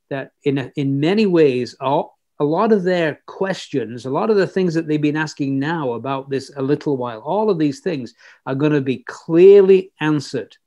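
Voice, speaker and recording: A man's voice: medium pitch, a little mellow. A man teaching a Bible passage verse by verse, reading scripture aloud and explaining it in a conversational way with fillers and restarts.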